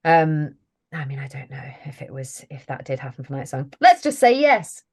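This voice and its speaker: A woman's voice: a bass voice, fairly even intonation, moderate pace, darkish tone, husky. A woman, a voice actress chatting casually as an interview guest, laughing often and self-deprecating.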